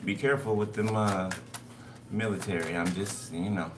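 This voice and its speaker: A man's voice: lowish voice, steady tone, normal speed. A man giving a casual spoken tarot reading, loose and conversational, who keeps checking in with his listeners. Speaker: tarot card reader. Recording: noisy recording.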